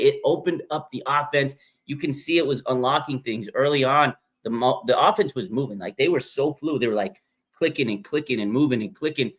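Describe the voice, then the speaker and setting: A man hosting a live fan reaction show, talking emphatically, repeating points and using lots of fillers. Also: medium pitch. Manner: animated, emphatic, repeats himself, frequent fillers. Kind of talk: live sports reaction talk.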